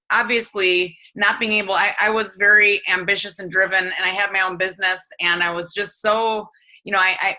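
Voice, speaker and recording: Bright-voiced woman sharing earnestly. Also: medium pitch, rough recording. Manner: halting, many restarts and fillers, earnest. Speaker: host of a support group video call. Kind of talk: emotional personal sharing on a group call. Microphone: video call.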